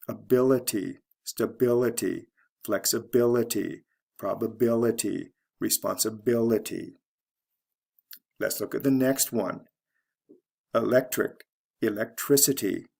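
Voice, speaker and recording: Slow gravelly male English teacher. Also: mid-range voice. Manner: reads word pairs, spells endings letter by letter. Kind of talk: slow, deliberate pronunciation lesson.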